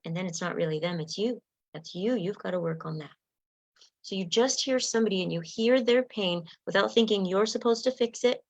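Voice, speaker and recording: A woman's voice: mid-range voice, brisk, dry recording, lo-fi sound. A woman coach giving a spoken self-help lesson, earnest and direct, often acting out sample lines of what to say.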